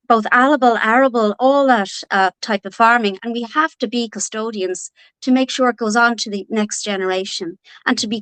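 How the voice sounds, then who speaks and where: A woman's voice: medium pitch, a bit bright, clear, resonant tone, dry recording. A woman from Donegal with an Irish accent, an author talking earnestly as an interview guest, with many fillers and restarts. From Ireland, Donegal. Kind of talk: casual interview talk.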